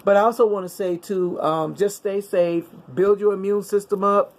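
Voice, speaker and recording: A middle-aged woman talks straight to her viewers in a loose, chatty vlog. Her voice is gravelly and full of fry. She sounds upbeat and a little preachy, and she laughs often. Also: mid-range voice, fairly even intonation, moderate pace, a little mellow. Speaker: vlogger. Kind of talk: casual chat to viewers.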